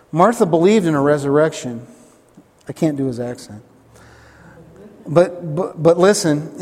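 A male pastor preaching a sermon in a conversational way, often checking in with the congregation with quick asides. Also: on the high side, darkish tone, in a large hall.

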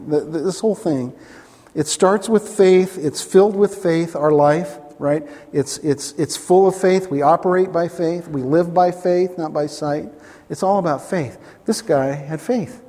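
A man preaching a sermon as a pastor, telling stories animatedly and acting out the voices in them, jumping up to excited highs. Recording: long hall reverb.

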